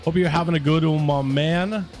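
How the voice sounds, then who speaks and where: A young male gaming streamer with a high voice, talking loosely and swearing freely as he greets his chat. His talk is casual and rambling. Soft music sits quietly behind him. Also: steady tone, normal speed. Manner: loose, profane and chatty with viewers. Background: faint music.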